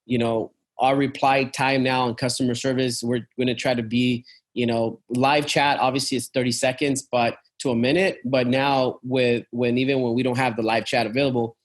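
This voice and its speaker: A man's voice: medium pitch, little pitch movement, normal speed. This is a man chatting about his business in an easy, offhand way. He restarts his sentences often and fills the gaps with "um", "you know" and "man". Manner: rambling, many fillers and restarts; uses "man" and "dude" often. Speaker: travel business owner. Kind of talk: casual business conversation.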